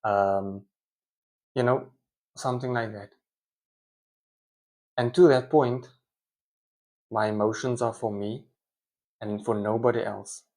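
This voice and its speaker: A man's voice: on the low side, steady tone, slow pace, pauses often, a little mellow. A man giving a casual, conversational monologue, often correcting himself mid-sentence. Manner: rambling, self-correcting, conversational. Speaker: speaker, parent.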